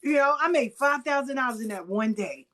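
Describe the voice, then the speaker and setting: Brief: middle-aged woman, animated storyteller with a fairly high voice, salty and quick to act out every character she quotes. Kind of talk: casual storytelling chat.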